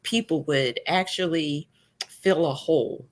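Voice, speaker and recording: A woman with a notably low voice speaks candidly and with wry humor as a guest. She is middle-aged and talks in a casual conversation over a video call. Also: measured pace. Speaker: guest, cancer survivor blogger. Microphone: remote video call.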